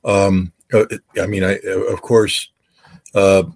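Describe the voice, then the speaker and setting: A man who was once a weapons inspector gives expert commentary as an interview guest, halting with many fillers and lively when he quotes others. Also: low-pitched, slight background noise.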